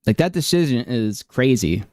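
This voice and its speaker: A man's voice: medium pitch, big pitch swings, moderate pace, darkish tone, no room sound, clean studio sound. A man hosting a reaction stream, talking casually with disbelief and many fillers. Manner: incredulous, hedging, many fillers. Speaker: stream host reacting to clips.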